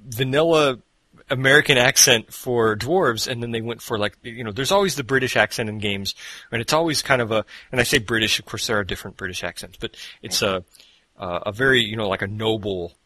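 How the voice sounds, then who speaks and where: Guy on a game podcast, bright tense voice, rambles and restarts, dry close mic. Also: mid-range voice, a little fast, dry recording. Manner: rambling, many restarts and fillers; slips into mock accents. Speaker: podcast co-host. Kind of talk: casual chat about games.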